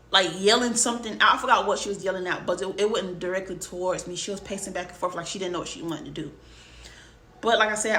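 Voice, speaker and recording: A woman's voice: mid-range voice, sharp tone. A young woman vlogger casually telling a personal story, talking emphatically straight to her viewers. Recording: roomy room, faint background noise.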